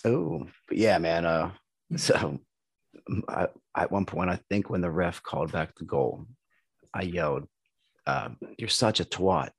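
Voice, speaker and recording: A middle-aged man from the United States with a husky, rough-edged voice. He tells casual stories full of swearing and lively turns. The sound is dry and close. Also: deep voice, measured pace, pauses often, no echo. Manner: profane, animated storytelling. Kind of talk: casual chat.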